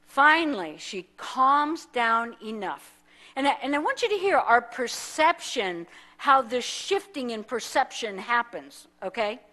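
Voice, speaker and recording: A woman's voice: a little high, unhurried. Woman minister telling a story in a sermon. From United States. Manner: animated storytelling, acting out the people in it. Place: church sanctuary.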